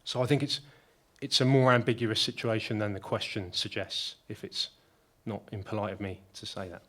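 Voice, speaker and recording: A man with a slightly low voice gives his view on a debate panel. He picks his words carefully and hedges his claims in a measured way. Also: fairly bright tone. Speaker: panel speaker.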